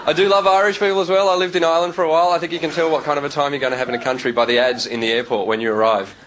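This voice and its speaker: An Australian man doing stand-up comedy on a club stage, telling stories with quick character voices. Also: a little high, slight background noise. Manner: lively storytelling, slipping into quick character voices. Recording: live club recording with loud crowd. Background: loud audience laughter.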